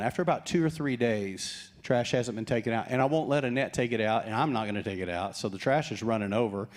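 A middle-aged man preaches a sermon from the pulpit, at a middle pitch. He tells stories with a light, joking touch and acts out the voices of the people in them. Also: a little fast. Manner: animated storytelling, acts out quoted voices with humor. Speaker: pastor.

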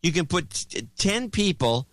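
Emphatic man with a lively voice, dry sound. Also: high-pitched, measured pace, no room sound. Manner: emphatic, ranting. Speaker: podcast co-host. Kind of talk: casual chat.

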